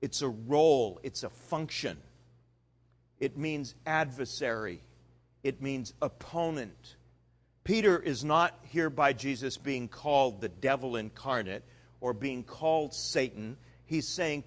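A man preaching a sermon in an animated, conversational way with dramatic swings in his voice. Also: mid-range voice, takes it slowly. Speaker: pastor.

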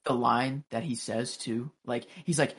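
A man's voice: medium pitch, fairly even intonation, measured pace, a bit bright, husky. A man co-hosting a podcast, chatting casually and rambling about a TV episode, full of "like" and restarts, swearing freely. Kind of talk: casual chat recapping a TV episode.

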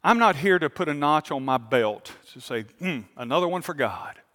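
A male pastor, preaching a sermon. He tells a story calmly, then builds to fervent appeals to the congregation. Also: fairly high pitch, moderate pace, in a large hall. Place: large church auditorium.

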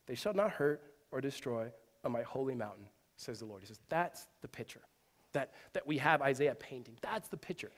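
A man in his thirties preaching a sermon, telling lively personal stories with humorous asides. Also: medium pitch, moderate pace. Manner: animated storytelling with asides and self-deprecating humor. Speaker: pastor. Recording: long reverb of a large hall.

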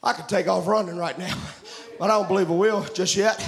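A man preaching a fervent revival sermon, shouting and chanting in a sing-song style. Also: high-pitched, fairly even intonation, fairly quick, creaky. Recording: roomy echo.

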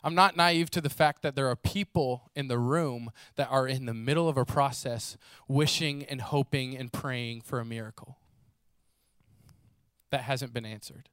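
A man preaching a sermon, telling stories in a lively way and acting out the people in them. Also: medium pitch, moderate pace, smooth, dry recording. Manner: animated storytelling, acts out voices, casual fillers.

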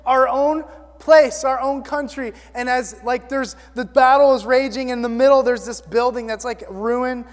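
High-voiced preacher in a reverberant hall. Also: male voice, a little slow. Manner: casual, self-deprecating preaching with animated storytelling. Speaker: pastor. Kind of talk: sermon.

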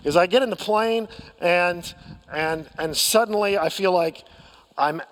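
A man's voice: high-pitched, a little slow, fairly bright tone, big-room sound. An American man preaching a sermon as pastor, telling a personal story candidly with self-deprecating humor and frequent restarts.

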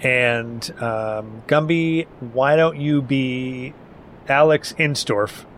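A man's voice: mid-range voice, drawn-out words, fairly bright tone, slight background noise. A man chatting casually while assigning roles at a tabletop game, upbeat and joking. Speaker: player.

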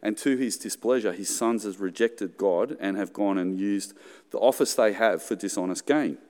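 A man's voice: on the low side, moderate pace, a little mellow. A middle-aged Australian man preaching a sermon in a conversational way, with joking asides and acted-out quotes. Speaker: pastor. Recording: hall reverb.

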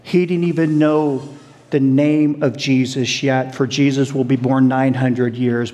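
A middle-aged man preaching a sermon, animated, asking the audience questions and laughing along with them. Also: mid-range voice, unhurried.

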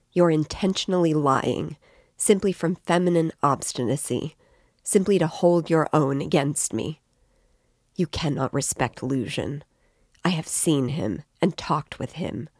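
A woman reading the part of a brooding, bitter young man in a storybook reading, slow and low in his scornful thoughts. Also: a little mellow, no room sound, studio quality.

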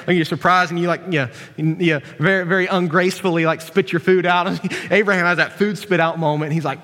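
A man's voice: on the high side, steady tone, fast, hardly any pauses, a bit bright. A man preaching a casual, joking sermon, folksy and full of asides and restarts, in a church hall.

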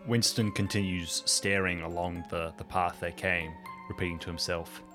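A man playing a tabletop game, narrating his character's actions in a quick offhand way. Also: deep voice, steady tone, music in the background. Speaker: player.

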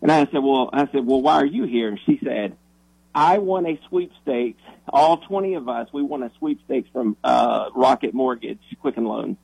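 A man who is a minister, telling a story on the radio in an animated, excitable way, often restarting his sentences. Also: medium pitch, moderate pace, gravelly, breathy edge, dry recording, rough recording.

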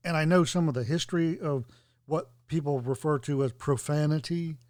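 A fairly high-voiced man chats loosely and jokingly, wandering from point to point. The sound is dry and close, with no room around it. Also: moderate pace, a little mellow, dry recording. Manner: rambling, jokey, digressive storytelling. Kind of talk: casual podcast chat.

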